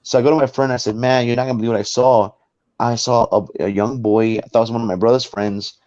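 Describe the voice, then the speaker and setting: A man's voice: medium pitch, fast talker, dry recording. Man telling a story over dull, dry audio. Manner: animated, acts out the people in his story. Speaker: talk show guest, paranormal investigator. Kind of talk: casual storytelling.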